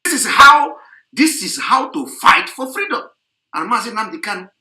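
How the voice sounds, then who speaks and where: A man's voice: sits high, sing-song, moderate pace, sharp tone, reverberant. A man delivering a heated, repetitive, scolding political rant on an online radio broadcast.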